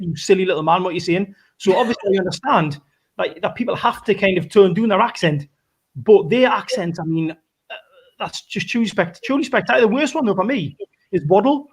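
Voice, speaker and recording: A Geordie man with a high voice chats on a podcast. He rambles, restarting and correcting his sentences as he goes. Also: a little fast, slightly rough. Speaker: podcast co-host. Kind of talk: casual podcast chat.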